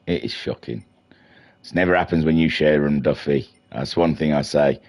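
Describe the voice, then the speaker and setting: A man's voice: extremely low pitch, moderate pace, darkish tone. A middle-aged man hosting a racing league stream in a chatty, self-mocking, slightly flustered way. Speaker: league race stream host. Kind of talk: casual live-stream race commentary.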